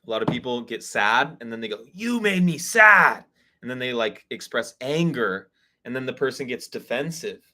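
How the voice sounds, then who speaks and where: A man's voice: medium pitch, fairly quick, pushed and bright. A man hosting an online spiritual call, giving candid, conversational advice on friendships and acting out bits of dialogue. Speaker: spiritual reader and community host. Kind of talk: live online call, casual advice talk. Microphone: video call.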